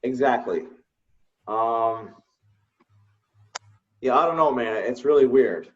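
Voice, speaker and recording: A man's voice: medium pitch, takes it slowly. Distant lo-fi man chatting games. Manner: animated storytelling, laughs often. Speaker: co-host. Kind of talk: casual gaming chat.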